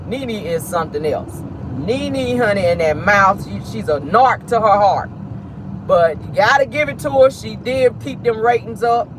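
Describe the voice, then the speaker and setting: Sassy male host, high voice, dishing gossip from inside a car with steady road noise behind him. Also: measured pace. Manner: sassy and dramatic, calls listeners honey and baby. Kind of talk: casual celebrity gossip commentary.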